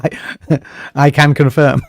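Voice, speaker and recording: A man's voice: fairly high pitch, flat delivery, slow pace, no echo. A man joining a casual livestream as a guest, easygoing and laughing along. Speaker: guest co-streamer.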